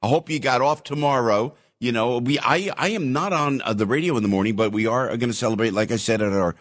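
A middle-aged man hosts a call-in radio show in an easy, joking way. He fills his talk with "uh" and "you know" and keeps things loose with callers. His voice sits at an ordinary male pitch. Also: quick pace. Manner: teasing, loose, filler-heavy. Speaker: radio host. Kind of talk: casual call-in radio chat.

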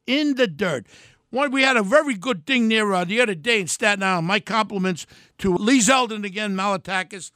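An older man tears into a combative political rant as a podcast host. His voice sits very high for a man and crackles with gravel, and his tone is sharp and forceful. The sound is close and dry, with no room around it. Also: animated, normal speed, dry recording. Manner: loud, heated, ranting and combative.

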